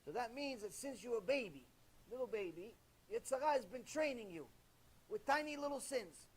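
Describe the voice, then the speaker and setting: Animated high-voiced male rabbi preaching. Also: brisk, husky. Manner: animated, repetitive, rhetorical questions. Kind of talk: sermon.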